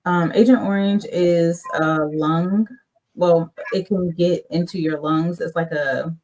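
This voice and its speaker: A woman's voice: lowish voice, steady tone, slow, a little mellow, low-quality recording. A woman who is an army veteran, a guest on a podcast interview, telling her stories in a candid, loosely structured way.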